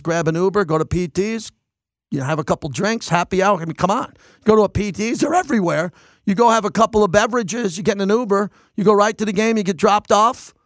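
A man in his fifties runs a sports radio monologue in an emphatic, excitable voice that sits a little high. The sound is dry and close with no room around it. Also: no echo.

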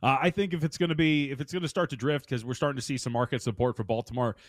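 A man giving quick, opinionated football betting picks on a sports radio show, a little self-mocking. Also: mid-range voice, fairly even intonation, dry recording. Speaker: sports betting analyst guest.

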